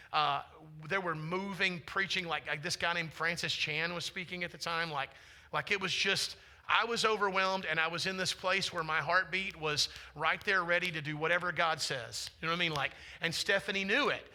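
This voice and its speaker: A pastor in his forties preaches in an easy, chatty storytelling manner and keeps turning to the congregation with questions. His voice sits high and sounds very bright and forceful. The delivery is conversational, not formal. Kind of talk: sermon. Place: church sanctuary.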